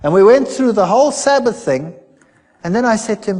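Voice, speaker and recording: A man's voice: sits high, lively intonation, brisk, a little mellow, slightly rough, in a large hall. A middle-aged man, a former lecturer, telling his story animatedly and acting out the dialogue. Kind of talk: personal testimony talk.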